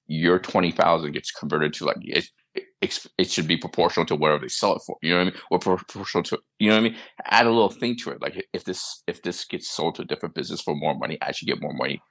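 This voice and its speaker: Fast gravelly sarcastic man. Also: deep voice, fairly bright tone. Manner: blunt, sarcastic, mocking voices, swears. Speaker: podcast co-host. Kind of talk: casual podcast chat.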